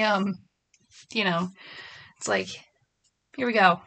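A woman's voice: mid-range voice, very animated, slow pace, pauses often, sharp tone. A middle-aged woman hosting her own podcast, chatting casually and rambling from a small closet at home. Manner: chatty, rambling, self-deprecating. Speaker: podcast host. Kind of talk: casual solo podcast chat. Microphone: phone and computer.

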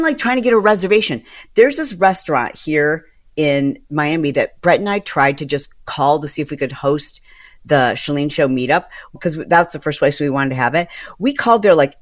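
A woman hosting a casual solo podcast, venting in an exasperated, fast-running storytelling manner. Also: low-pitched. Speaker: podcast host.

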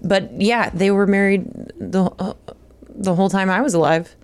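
A woman's voice: medium pitch, fairly even intonation, moderate pace. A woman co-host chatting casually, often laughing as she talks. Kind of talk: casual chat.

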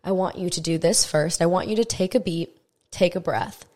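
A woman's voice: fairly low pitch, normal speed, a little mellow. A young adult woman hosting a self-help podcast, talking straight to the listener in a frank, swearing, coaching way. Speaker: podcast host. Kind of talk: casual self-help monologue.

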